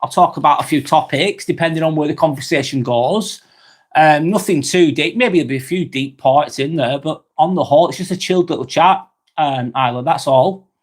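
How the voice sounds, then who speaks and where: A man in casual live-stream mode, voice sitting slightly high for a man. He rambles gently through viewer comments with plenty of fillers and sorrys. He sounds slightly under the weather. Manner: slow, relaxed, rambling with many fillers and apologies.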